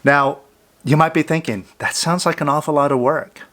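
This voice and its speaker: A man giving a calm self-help talk, coaching the listener directly and sometimes dropping to a soft, hushed voice. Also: a little high, moderate pace. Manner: drops to a soft near-whisper on "I love you, fear".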